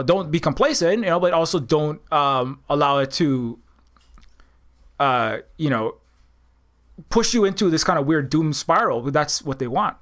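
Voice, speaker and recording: A man giving unscripted political commentary, talking in rambling heated runs with many restarts and mocking his opponents in a raised voice. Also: fairly bright tone. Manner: mocks opponents in a raised high voice.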